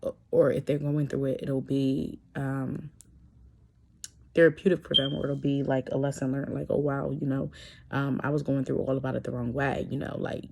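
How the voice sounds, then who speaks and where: Low, gravelly-voiced woman vlogger. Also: little pitch movement, moderate pace. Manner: hesitant, many fillers and restarts; candid and earnest. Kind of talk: personal vlog talk.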